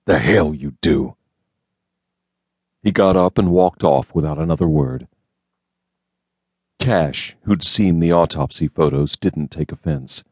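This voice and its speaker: A man narrating an audiobook in a steady, measured reading voice, close to a studio mic. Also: sits low, no room sound. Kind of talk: scripted narration.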